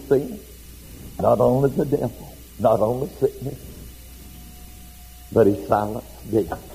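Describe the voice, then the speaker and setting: A male preacher delivering a fervent sermon with rhythmic, repeated phrases, swinging between loud proclamation and hushed emphasis. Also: fairly high pitch, slightly rough, big-room sound, rough recording.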